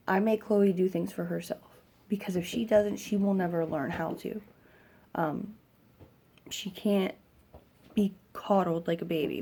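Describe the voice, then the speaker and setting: A young mother talks straight to her camera, rambling through a rough weekend. Her voice is gravelly and a little husky, frustrated and worn out, full of "like" and "um". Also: mid-range voice, darkish tone. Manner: rambling, frustrated, lots of fillers. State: weary and stressed. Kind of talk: casual venting vlog.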